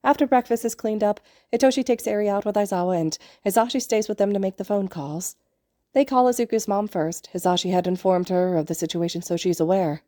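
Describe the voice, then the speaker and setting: A woman reading fanfiction aloud in a gentle, even storytelling voice. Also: medium pitch, a little fast, no room sound, studio quality. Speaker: podfic reader.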